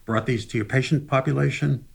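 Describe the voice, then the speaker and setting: A man interviewing a guest, calmly prompting and summing up the guest's story. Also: medium pitch, brisk, creaky, husky. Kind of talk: interview questions.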